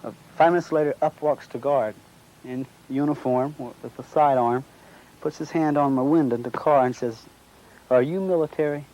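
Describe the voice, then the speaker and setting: A man's voice: medium pitch, steady tone, normal speed, darkish tone, poor audio. A middle-aged man being interviewed, recounting a personal experience and acting out the dialogue of the people involved. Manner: acts out quoted dialogue while retelling. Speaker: eyewitness interviewee.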